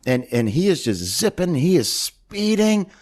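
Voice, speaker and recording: A man hosting a podcast, telling a film's plot in casual chat, animated and swearing freely. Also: sits high, unhurried. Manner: animated storyteller, swears freely, many fillers. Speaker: podcast host. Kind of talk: casual chat recapping a film.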